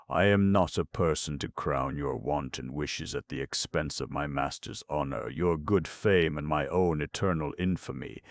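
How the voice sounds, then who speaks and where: A man's voice: very deep voice, no echo. A man reading the part of a stern, upright old servant who scolds his mistress reproachfully, in an audiobook. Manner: reproachful, indignant.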